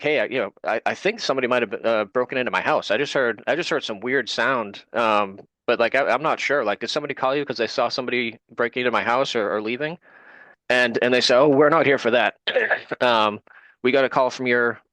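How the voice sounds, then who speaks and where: A man's voice: medium pitch, pushed and bright, no echo. New man telling a story. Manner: retells events with quoted dialogue. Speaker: interview guest. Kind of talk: casual storytelling in an interview.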